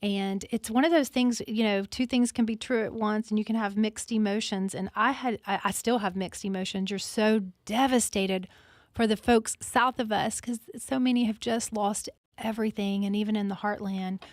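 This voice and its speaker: A woman's voice: medium pitch, fairly even intonation, normal speed, no echo. A woman hosting a live radio fundraiser from a studio, talking earnestly and repeating words for emphasis. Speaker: radio host.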